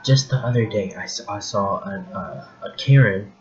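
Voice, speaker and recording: A man's voice: fairly low pitch, moderate pace. A man giving a rambling casual rant to camera, often restarting his sentences and getting heated and incredulous. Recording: dull lo-fi with faint hiss.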